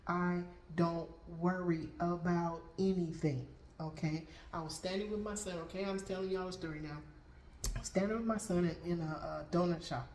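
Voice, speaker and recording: A middle-aged woman who works as a Reiki master and tarot reader shares spiritual stories with her viewers, asking "okay?" after almost every point. Her voice sits lowish and slightly mellow, with a bit of hiss or hum. The room sounds spacious, with faint ambient noise behind her.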